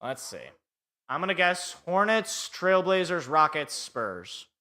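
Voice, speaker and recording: A man's voice: a little high, sing-song, slow pace, bright, forceful tone. A young man hosting a live sports podcast alone, ranting in an exasperated, sarcastic way.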